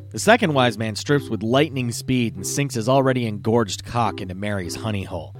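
A man hosting a podcast, casually telling a dirty joke in a profane, animated way. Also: medium pitch, normal speed, few pauses, faint music behind. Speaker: podcast host. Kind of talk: casual comedic storytelling.

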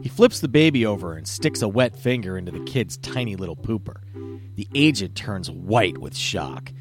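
A man hosting a podcast, casually telling a dirty joke in a profane, animated way. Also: on the low side, moderate pace, music in the background. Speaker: podcast host. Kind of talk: casual comedic storytelling.

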